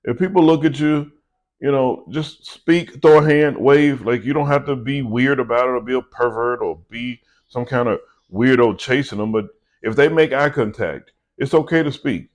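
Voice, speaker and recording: A man's voice: mid-range voice, moderate pace. A middle-aged man, a vlogger and small business owner, giving an earnest, conversational devotional talk to his viewers.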